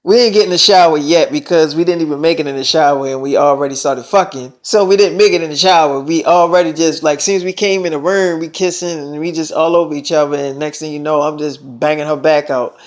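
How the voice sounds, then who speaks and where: A man casually retelling a story in slangy speech, quoting others with "she was like" and filling pauses with "so, um". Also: a little high, steady tone. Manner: loose, rambling delivery with filler "so, um". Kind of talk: casual first-person storytelling.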